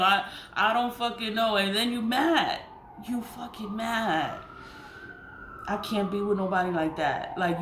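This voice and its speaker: A woman's voice: lowish voice, a bit bright. Blunt, profane woman in an echoey room. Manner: blunt, profane, repeats herself for emphasis. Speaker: spiritual vlogger. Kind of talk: casual monologue. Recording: echoey room with faint noise.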